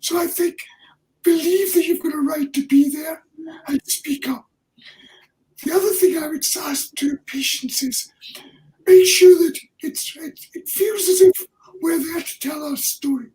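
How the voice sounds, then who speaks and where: Here an older Ayrshire man, Scottish-accented and serving as an honorary professor, answers an interview earnestly and plainly. His pitch is extremely high, his tone darkish, and his delivery unhurried, captured at a distance from the mic.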